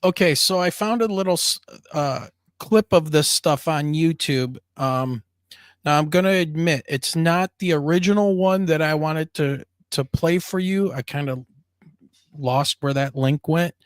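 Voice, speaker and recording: A man's voice: fairly high pitch, a little slow, no echo, studio quality. A man hosting a casual livestream interview, talking loosely with fillers and restarts. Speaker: show host.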